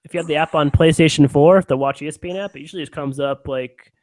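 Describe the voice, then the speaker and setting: A man co-hosting a podcast in easy, chatty conversation full of fillers and quick laughs. His voice sits a little higher than most men's. The sound is dry and close to the mic. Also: a little mellow, no room sound. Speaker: podcast co-host. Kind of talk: casual chat.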